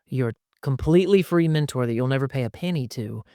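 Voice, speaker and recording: A middle-pitched man speaks as a pastor in a relaxed podcast chat. He talks with emphasis and slips into quick voices for the people he quotes. The sound is dry and close, with no room echo. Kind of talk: conversational podcast discussion.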